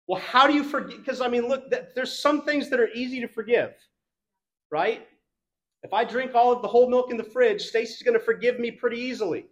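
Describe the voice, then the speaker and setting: A man's voice: very high-pitched, a little fast, muffled recording. A young adult man preaching a sermon in a casual, conversational way, with fillers and the odd laugh. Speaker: pastor. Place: church.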